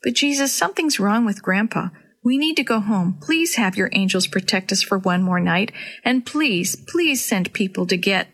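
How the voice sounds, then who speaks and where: A woman's voice: medium pitch, expressive, moderate pace, a bit bright. A woman voicing an earnest, trusting young boy in a storybook reading. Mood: praying. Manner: eager, pleading.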